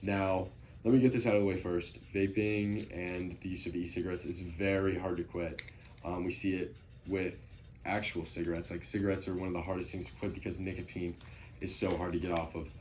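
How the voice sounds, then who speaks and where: A man's voice: low voice, flat delivery, fairly quick, a little mellow, slight background noise. A young man giving an earnest persuasive speech, with frequent ums and restarts. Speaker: student speaker.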